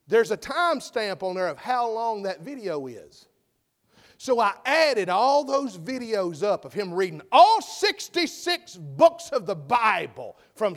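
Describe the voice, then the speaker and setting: A man preaching a sermon in a church, folksy and shifting between shouted passages and quiet asides. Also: sits high. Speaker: evangelist preacher.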